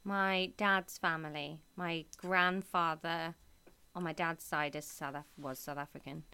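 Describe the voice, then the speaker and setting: A woman's voice: low-pitched, steady tone, a little slow, bright, forceful tone, smooth. A woman in her thirties co-hosting a casual chat, playful and teasing. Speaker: podcast co-host.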